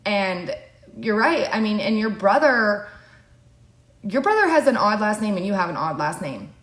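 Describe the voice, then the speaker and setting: Chatty female podcast host, mid pitch, loose rambling delivery, echoey room. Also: sing-song, normal speed, a bit bright. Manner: rambling, filler-heavy storytelling. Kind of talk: casual chat. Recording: roomy echo.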